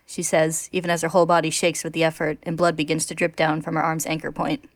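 Low-voiced woman reading a recap. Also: level tone, quick pace, no echo. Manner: laughs often, reads steadily. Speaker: podcast co-host reading a recap. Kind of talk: casual chat and read-aloud story summary.

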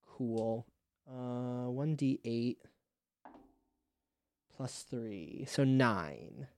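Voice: mid-range voice, animated, drawn-out words, darkish tone, no echo. A tabletop player casually stating actions and dice rolls with an easygoing, joking manner.

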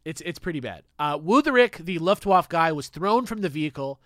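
A young man hosting a podcast, telling a story in a casual, animated way with jokey asides and swearing. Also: fairly high pitch, a little fast, dry recording, clean studio sound. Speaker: podcast host.

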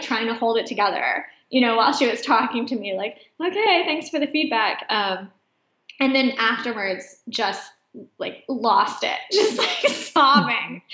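A woman with a noticeably high voice tells a personal story in an animated, chatty way, laughing often as she goes. The recording has a roomy echo around her. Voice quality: high-pitched voice. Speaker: interview guest. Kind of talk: conversational storytelling.

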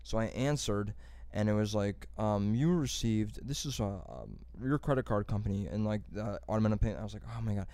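A man's voice: on the low side, animated, brisk, mellow, no room sound. A man telling a rambling, profane story in casual chat among friends.

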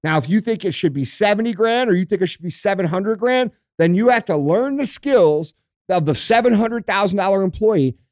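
Brief: middle-aged male podcast host, high voice, blunt swearing rants, dry close sound. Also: animated, fairly quick, a little mellow, no room sound. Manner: profane, blunt, emphatic ranting. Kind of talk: casual podcast chat.

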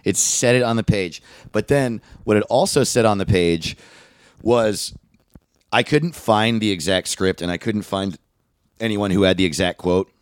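A man's voice: fairly low pitch, a little slow, no room sound. A man co-hosting a comedy podcast, telling a story in a loose, self-deprecating way. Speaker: podcast co-host.

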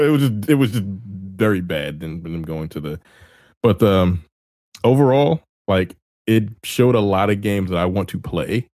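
A man's voice: sits low, darkish tone, no echo. A man co-hosting a casual podcast, giving blunt, slangy opinions with bits of laughter. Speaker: podcast co-host.

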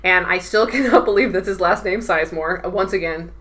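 A woman co-hosting a podcast, recapping a TV episode in casual chat, animated and laughing as she acts out quotes. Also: fairly low pitch, fairly quick. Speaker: podcast co-host.

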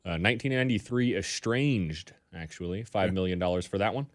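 Low-voiced man with a newsreader delivery. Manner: measured, official newsreader delivery. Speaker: radio show co-host. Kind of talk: reading list items on air.

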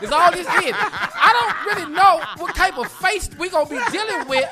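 A man's voice: extremely high pitch, normal speed, few pauses. A man co-hosting a radio show, telling comic stories and acting out dialogue. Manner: animated joking storyteller, acts out dialogue. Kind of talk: comedic radio banter. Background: music bed.

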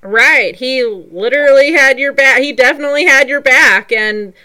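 A woman hosting an interview, responding warmly and with enthusiasm to her guest's story. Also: sits high, moderate pace. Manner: encouraging, frequent affirmations. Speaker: podcast host. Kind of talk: casual interview chat.

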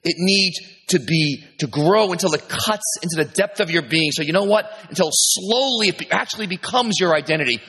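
A middle-aged man preaching a sermon with animated delivery, moving from loud, high emphasis to low, quiet asides as he acts out his listeners' thoughts. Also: fairly quick, hardly any pauses. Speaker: pastor.

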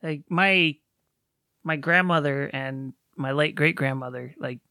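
Podcast co-host, mid-pitched, dry sound, laughs a lot and hedges. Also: unhurried, sharp tone, no room sound. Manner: giggly, hesitant, filler-heavy. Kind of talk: casual chat.

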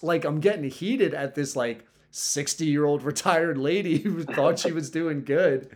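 A man's voice: fairly high pitch, measured pace, hardly any pauses. A man in casual chat, telling a story in a laid-back way, swearing often and leaning on "like" and "dude".

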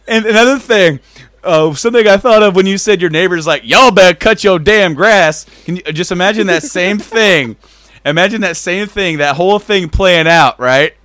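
A man's voice: sits high, big pitch swings, slow, pauses often, a bit bright, dry recording. A man co-hosting a podcast in casual chat, with loose, profane, laughing banter. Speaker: podcast co-host.

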